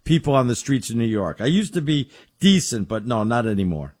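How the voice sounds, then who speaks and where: A man's voice: mid-range voice, brisk, husky. A man telling a rambling story in casual chat, stumbling over his words. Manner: rambling animated storyteller, stammers.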